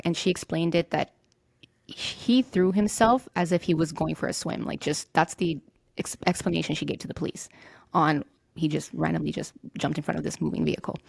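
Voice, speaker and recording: Young woman host, gravelly low-ish voice, casual storytelling, dry close sound. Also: no echo. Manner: conversational, loose, swears casually. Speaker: podcast host. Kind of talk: casual true-crime storytelling.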